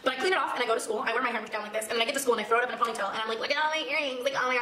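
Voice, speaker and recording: Rapid, dramatic high-voiced woman. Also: bright, forceful tone, roomy sound. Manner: rapid, dramatic, swears a lot. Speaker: vlogger telling a story, clip played in a reaction. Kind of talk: storytime vlog.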